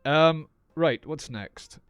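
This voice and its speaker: Slow, clear-speaking male English teacher. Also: a little high, no room sound. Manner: slow, clear, improvised explanations. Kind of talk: unscripted podcast lesson.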